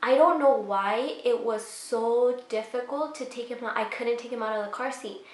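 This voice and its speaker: Young woman vlogging, kinda high voice, rambly with lots of ums, echoey room. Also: moderate pace. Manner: rambling, many fillers, emotional retelling. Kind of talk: casual storytelling to camera.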